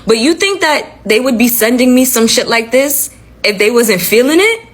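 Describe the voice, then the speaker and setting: A woman's voice: on the high side, big pitch swings, moderate pace. A woman giving a casual vlog rant to her followers, blunt and profane, repeating her points for emphasis. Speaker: social media commentator.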